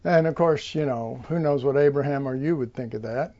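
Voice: mid-range voice, brisk, mellow, dull audio. A preacher giving an informal Bible teaching, rambling with many fillers and restarts.

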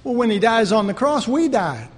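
A man preaching a fervent sermon, swinging between loud outbursts and quiet asides. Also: very high-pitched, sing-song, normal speed, big-room sound.

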